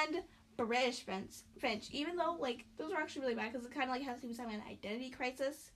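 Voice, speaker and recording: A woman's voice: high voice, fast talker. A teenage girl hosting a casual book review chat, talking freely with many likes and fillers. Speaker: book club host.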